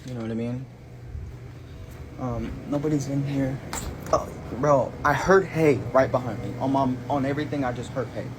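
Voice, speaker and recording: A man's voice: medium pitch, moderate pace. Jittery young man on a noisy phone video. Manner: jittery, scared, talks to the camera in street slang. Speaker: night-shift store worker filming himself. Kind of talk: nervous self-recorded vlog. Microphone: phone camera.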